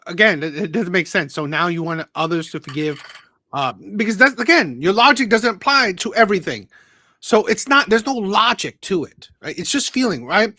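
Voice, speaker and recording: A man's voice: high voice, pushed and bright, no room sound. A man hosting a call-in show, talking in a rambling way, repeating words and checking in with "right?". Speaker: host. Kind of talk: casual call-in commentary.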